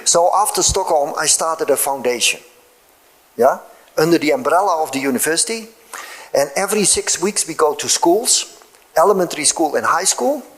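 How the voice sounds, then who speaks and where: A man's voice: fairly high pitch, moderate pace. An older man from the Netherlands with a Dutch accent, a guest scientist talking to an audience in a university hall, emphatic and persuasive, with lots of "you know" and "eh?" tags. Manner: lively, peppers speech with "you know", "eh?" and "yeah?" tags. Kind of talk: conversational public talk.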